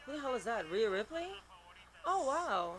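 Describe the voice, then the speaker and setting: A man's voice: very high voice, sing-song, normal speed, pushed and bright, slight background noise. A man hosting a wrestling reaction video. He talks in casual, outspoken commentary, exclaims and swears often, and sounds sleepy and yawning late at night. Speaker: wrestling reaction channel host.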